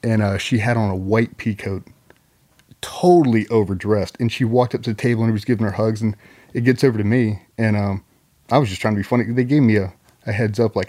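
A man's voice: fairly low pitch, steady tone, fairly quick, dark tone. Man telling stories loosely. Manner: loose and profane, frequent ums and likes. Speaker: guest, military veteran. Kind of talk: casual storytelling.

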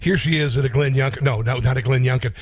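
A man's voice: medium pitch, fairly even intonation, quick pace, no echo. A middle-aged man hosting a radio call-in show, chatty and storytelling with mocking asides. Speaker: radio talk show host. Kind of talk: casual call-in show chat.

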